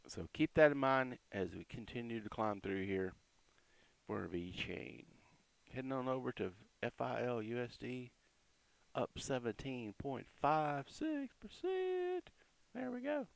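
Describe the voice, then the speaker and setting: A man talks through crypto price charts in a relaxed, chatty way, reeling off support and resistance numbers between quick asides. His voice has a gravelly, fry-edged grain. The recording is dry and close, with no room sound. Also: mid-range voice, no room sound. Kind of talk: casual market commentary over charts.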